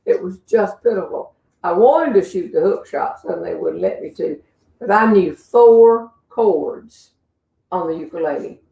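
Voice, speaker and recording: A woman's voice: mid-range voice, lively intonation, measured pace, gravelly, mellow. An older woman with a Southern accent, a humorist telling stories and answering questions in a folksy, chuckling way. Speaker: humorist host. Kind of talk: casual storytelling and Q&A. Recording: roomy sound from a distance.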